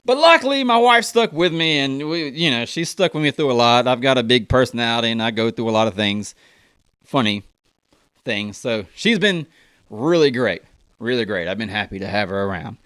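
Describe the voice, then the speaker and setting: A man's voice: moderate pace, clean tone, dry recording, clean studio sound. A young man doing stand-up comedy, telling a story and acting out the voices of the people in it. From United States. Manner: animated, acts out voices with big pitch jumps.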